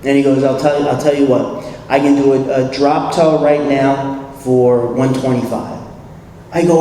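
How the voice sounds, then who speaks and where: A man's voice: mid-range voice, moderate pace. Man telling a story in an echoey hall. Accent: New York. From New York City. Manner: animated storyteller acting out dialogue, laughs often. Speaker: recovery meeting speaker. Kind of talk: personal recovery story talk. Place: convention hall. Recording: echoey hall, distant mic, faint hiss.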